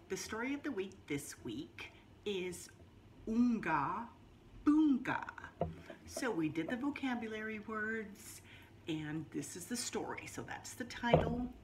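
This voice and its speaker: Reading a picture book to a group of children, a female teacher pauses to explain words, stretching out phrases in storybook style and breaking into sudden high exclamations. Background noise is present.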